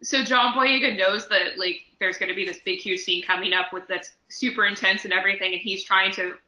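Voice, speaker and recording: A woman co-hosting a casual podcast, telling stories in an animated, playful way. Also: mid-range voice, a little fast. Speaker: podcast co-host. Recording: echoey room recording.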